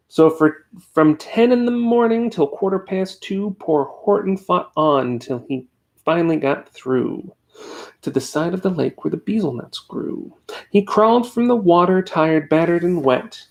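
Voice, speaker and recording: A man reading a children's rhyming story aloud at home into a desk USB microphone, giving the characters lively voices. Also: on the high side, measured pace, gravelly. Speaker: reader. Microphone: USB desk microphone on a tripod.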